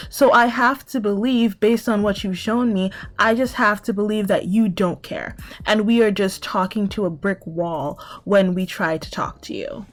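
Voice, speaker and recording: A woman in casual commentary, speaking firmly and deliberately as she calls someone out. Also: a little high, poor audio. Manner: firm, deliberate, calling out. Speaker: YouTube commentator.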